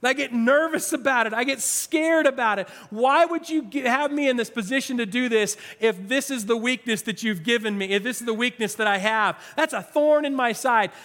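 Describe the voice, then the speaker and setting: A man's voice: extremely high pitch, moderate pace, few pauses, a bit bright. A male pastor preaching a sermon with passion, stressing and repeating his words. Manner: impassioned, emphatic, repeats phrases. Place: church sanctuary. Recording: long reverb of a large hall.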